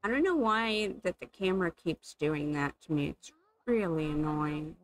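A woman's voice: low voice, expressive, normal speed, low-quality recording. A woman giving casual, amused commentary as she plays a life-sim game, thinking aloud. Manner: chatty, amused, thinking aloud while playing. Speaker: gaming channel host.

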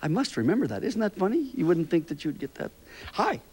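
An older man hosting a children's TV show, gently interviewing young kids in a chatty, rambling, fatherly way. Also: high voice, sing-song, brisk, breathy edge.

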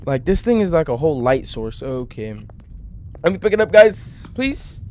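A jumpy young man talking viewers through a horror game, his pitch swinging widely as he yelps in fright. There is a faint hum of ambience behind him. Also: sing-song, normal speed, a little mellow. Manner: jumpy, talks to viewers, yelps when startled. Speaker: gaming channel host.

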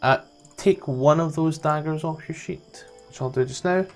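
A man's voice: on the high side, normal speed, faint music behind. A man with a Scottish accent runs a tabletop game. He explains rules in a loose, conversational way, restarting phrases as he goes. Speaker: game master.

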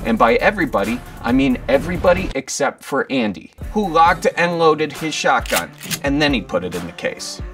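A man's voice: medium pitch, normal speed, distant mic, soft background music. Folksy man telling a comic story. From Wisconsin. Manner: animated, folksy, acts out quotes. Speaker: storyteller comedian.

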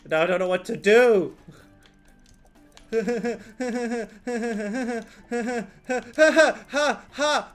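A man giving rambling, swearing, excitable commentary while playing a video game. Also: high-pitched. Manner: rambling, excitable, swears often, laughs a lot. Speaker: gaming video host. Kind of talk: let's play commentary.

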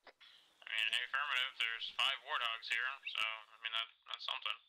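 A man leading a squad in a military role-play game, giving calm commands over headset voice chat, hesitant and full of 'uh' and 'affirm'. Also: medium pitch, normal speed, poor audio. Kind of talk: tactical radio commands mixed with casual chat.

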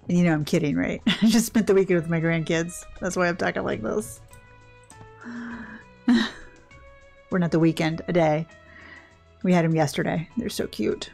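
An older woman with a gravelly, creaky voice talks casually over gameplay. She rambles along, cutting herself off mid-thought and starting over. Soft music plays faintly behind her. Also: on the low side, normal speed, long pauses. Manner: chatty, rambling, self-interrupting. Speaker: gaming channel host.

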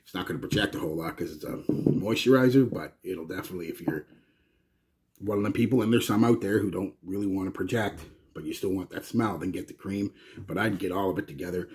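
A Canadian man talks casually to his viewers, wandering through his thoughts with plenty of restarts. His voice sits very low with a husky, breathy edge. The delivery is loose, chatty vlog talk. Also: fast talker, darkish tone. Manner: rambling and chatty, with frequent restarts. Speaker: fragrance reviewer.

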